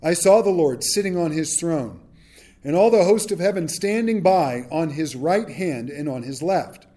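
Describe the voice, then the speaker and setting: Animated preacher with a mellow voice. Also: male voice, on the high side, normal speed. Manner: animated, acts out quotes in modern slang. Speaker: pastor. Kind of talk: expository sermon.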